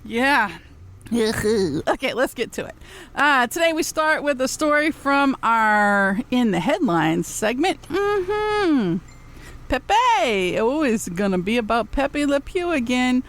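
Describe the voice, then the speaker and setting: A woman's voice: a little high, big pitch swings, takes it slowly, fairly bright tone. Lady hosting live radio, giggly, rambles on, cheeky. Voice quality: giggly, laughs often between phrases. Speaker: radio show host. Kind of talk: casual live radio chat.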